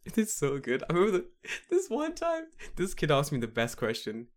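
A man's voice: on the high side, huge pitch swings, brisk. A man raised in England, co-hosting a casual chat, swearing freely and acting out voices as he tells stories.

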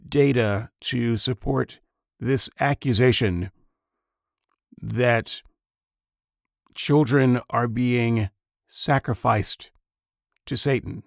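Slow gravelly sarcastic man. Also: mid-range voice, no room sound, studio quality. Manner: mocking, incredulous, sardonic. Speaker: commentator reacting to a video clip. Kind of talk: sarcastic commentary.

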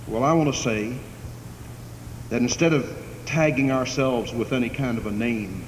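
A pastor preaches a sermon in a church sanctuary, speaking emphatically and letting his volume swell and drop for effect. His medium-pitched voice is unhurried with lively intonation. The hall is echoey, with faint background noise.

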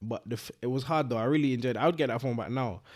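A man, co-hosting a podcast in relaxed casual chat and often repeating his catchphrases. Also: medium pitch, racing. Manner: laid-back, repeats catchphrases. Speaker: podcast co-host.

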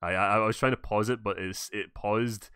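A man's voice: fairly low pitch, fairly even intonation, normal speed, sharp tone, clear, resonant tone, no room sound, clean studio sound. A young Scottish man hosting a casual podcast, rambling, swearing and correcting himself as he goes. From Scotland. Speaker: podcast host. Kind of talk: casual chat.

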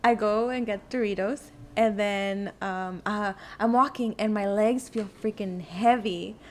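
A woman's voice: medium pitch, measured pace, a little hiss or hum. A woman on a podcast telling a story in casual chat, acting out her own quotes and swearing freely. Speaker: podcast guest.

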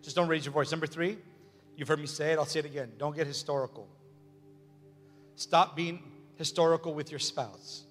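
Guy preaching in church, repeats himself for emphasis, cracks jokes, soft music under it. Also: a little high, moderate pace, long pauses. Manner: emphatic, repetitive, with joking asides. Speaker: pastor. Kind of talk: sermon. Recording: long hall reverb with faint music.

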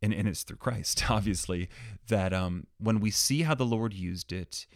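A man's voice: fairly low pitch, a little slow, dry recording, studio quality. A man co-hosting a casual chat with his wife, earnest and enthusiastic, often stumbling over words. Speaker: co-host, husband.

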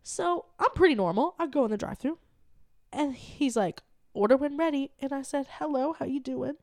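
A woman's voice: high-pitched, normal speed, no echo, studio quality. A young adult woman on a comedy podcast, telling a story in casual chat, acting out the quotes and swearing freely. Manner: animated, acts out quoted dialogue, swears casually. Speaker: podcast co-host.

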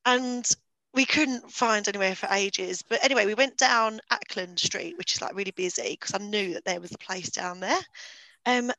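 Woman telling a date story on a podcast, bright higher voice, chatty, lots of likes and ums, dry mic. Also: moderate pace, dry recording, rough recording. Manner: chatty, many fillers, bursts of laughter. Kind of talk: casual storytelling chat.

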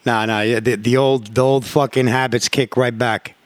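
Halting, swearing podcast host. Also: male voice, medium pitch, steady tone, no echo. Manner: halting, repeats words, swears freely. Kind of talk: casual chat.

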